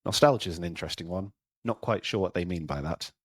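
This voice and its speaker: A man's voice: low voice, quick pace, husky, dry recording. A man with a North Welsh accent giving a presentation talk, using dry, self-mocking humour and frequent ums. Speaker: place-name researcher giving a talk.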